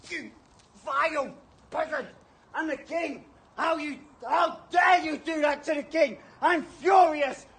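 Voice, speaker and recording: A man's voice: extremely high pitch, takes it slowly, creaky, exaggerated voice. Man playing a pompous arrogant king. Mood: furious. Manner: grand, condescending, mocking, rising to furious shouts. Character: pompous arrogant male king, haughty and vain. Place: outdoors near stables. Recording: distant outdoor clip with faint ambience.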